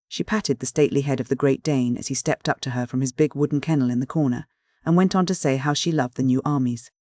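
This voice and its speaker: An audiobook reader narrating a story in an even, steady way on a close mic. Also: mid-range voice, fast talker, no echo. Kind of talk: scripted narration.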